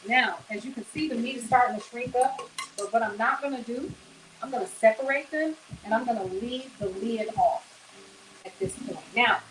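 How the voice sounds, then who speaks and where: A woman's voice: fairly high pitch, moderate pace, slight background noise, low-quality recording. A woman hosting a casual home cooking demonstration, talking to viewers in a chatty, folksy way. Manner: chatty and folksy, addresses viewers as y'all and honey. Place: home kitchen.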